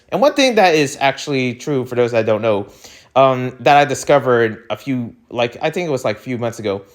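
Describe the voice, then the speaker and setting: A young man hosting his own channel, ranting in an exasperated, animated way that swings between loud outbursts and low muttering. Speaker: webtoon reading channel host. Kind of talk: ranting to camera.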